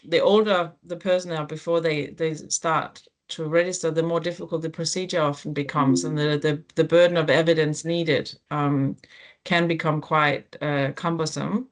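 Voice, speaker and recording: A woman's voice: low-pitched, steady tone, moderate pace. A woman moderating an online panel discussion over a video call, speaking conversationally with frequent ums and restarts. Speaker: webinar moderator.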